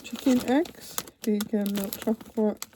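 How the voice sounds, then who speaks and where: A woman's voice: medium pitch, fairly even intonation, measured pace, background noise. A woman vlogging at home, chatting casually as she unpacks a cross-stitch kit, with trailing asides. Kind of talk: casual chat while unboxing. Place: home, seated in a computer chair.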